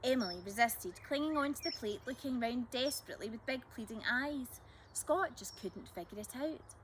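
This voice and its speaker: A woman storyteller reading a children's chapter book aloud in a lively, expressive way. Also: a little high, normal speed, noisy background.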